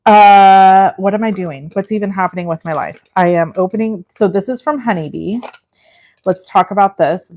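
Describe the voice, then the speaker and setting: Rambling, self-mocking woman in her forties, fairly low voice, hosting a live craft stream. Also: normal speed, a little mellow. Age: 40s. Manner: chatty, rambling and self-deprecating. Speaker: craft livestream host. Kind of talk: casual live crafting demo.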